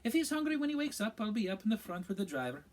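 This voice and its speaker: A plump, kindly witch pushing a sweets cart, bright and chirpy, her voice pitched far up and rattling along quickly, as a male reader puts her on. She sounds fast and motherly, the way a storybook narrator plays her. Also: very animated. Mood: reassuring.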